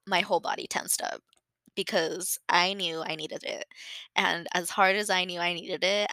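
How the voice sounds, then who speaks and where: A woman's voice: on the low side, sharp tone, dry recording. A young woman hosting a podcast, talking frankly and openly in a candid personal monologue, swearing freely and getting emotional. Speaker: podcast host.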